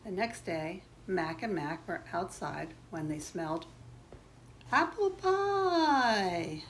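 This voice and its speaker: An older woman, a grandmother, reading a children's storybook aloud slowly and expressively. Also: low voice, slight background noise.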